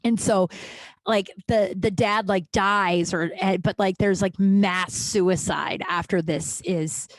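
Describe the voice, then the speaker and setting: A woman's voice: medium pitch, slow, no echo. Chatty, profane woman telling stories. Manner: chatty, profane, full of fillers and animated quoted voices. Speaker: podcast host. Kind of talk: casual storytelling.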